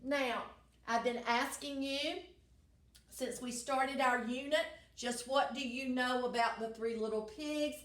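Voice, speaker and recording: Woman teacher, cheerful sing-song lesson delivery, slow and unhurried, echoey room sound. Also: high-pitched, steady tone, fairly bright tone. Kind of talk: recorded class lesson with songs.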